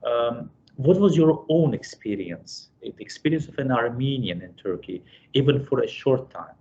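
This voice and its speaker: A man's voice: mid-range voice, lively intonation, normal speed, a little mellow. Hesitant male host on a dull recording. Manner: hesitant, with many fillers. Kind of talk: interview questions.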